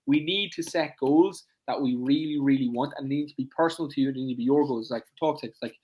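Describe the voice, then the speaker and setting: A man, a fitness coach hosting a casual podcast, talking emphatically and leaning on "it's like" again and again. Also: a little mellow. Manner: rapid, emphatic, repeats "it's like" constantly; acts out clients in high voices.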